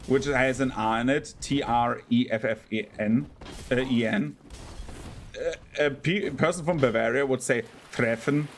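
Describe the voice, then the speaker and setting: A man's voice: mid-range voice, measured pace, faint music behind. Rambling man streaming a game. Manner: rambling, full of fillers, bursts into panicked yelps while playing. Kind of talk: casual gameplay commentary.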